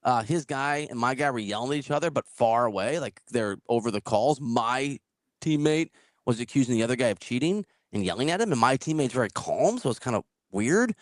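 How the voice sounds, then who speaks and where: A man hosting a casual podcast who tells stories in a lively way, laughs often and acts out the people he quotes. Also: mid-range voice, fairly quick, no echo. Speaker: podcast host. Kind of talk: casual storytelling chat.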